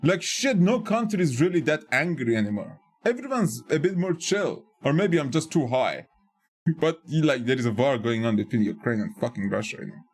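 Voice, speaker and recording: A man reacting to a video in casual chat, loud, swearing and laughing often. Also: medium pitch, expressive, moderate pace, slightly rough. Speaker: reaction streamer.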